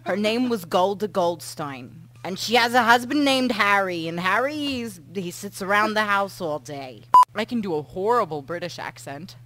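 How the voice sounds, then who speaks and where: A woman's voice: medium pitch, expressive, normal speed, hardly any pauses, background noise. A woman in casual chat, giggly and doubting herself.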